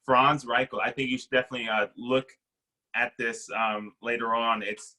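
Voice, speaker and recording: A young adult man giving a casual, conversational sermon as a pastor, acting out quick bits of dialogue. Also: mid-range voice, level tone, pushed and bright, rough recording.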